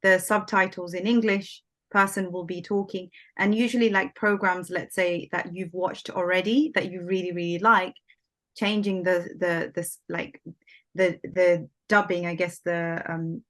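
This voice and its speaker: A woman's voice: on the low side, steady tone, measured pace, fairly bright tone. A woman chatting casually and hesitantly, with many "like"s and restarts. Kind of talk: casual chat.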